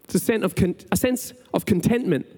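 A man preaching a conversational, energetic sermon as pastor. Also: high-pitched, brisk, breathy edge. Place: church sanctuary. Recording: large hall with long reverb, faint music.

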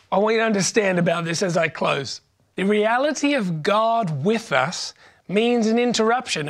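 A man preaches in a relaxed, joking storytelling way, his voice sitting notably high for a man. He restarts phrases often and keeps the tone conversational. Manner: conversational and humorous, frequent restarts. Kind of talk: sermon with personal storytelling.

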